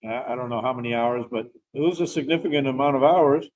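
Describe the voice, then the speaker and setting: A man's voice: mid-range voice, fast, rough recording. A middle-aged man, a veteran guest, telling a personal story in a casual, rambling way. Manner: rambling, animated storyteller who laughs while talking.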